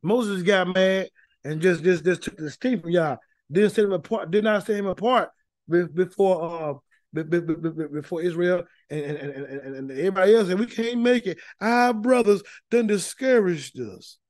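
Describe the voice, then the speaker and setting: A man's voice: sits high, normal speed, darkish tone, dry recording. A man leading an informal Bible study, preaching in a folksy, emphatic way and often repeating words as he builds a point. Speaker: Bible teacher.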